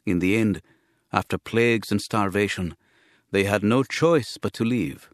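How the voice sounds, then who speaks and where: A man voicing a sober, courtly alien official who speaks in a formal, measured, grave way, read as a scripted audiobook. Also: fairly low pitch, no room sound, studio quality, lightly acted.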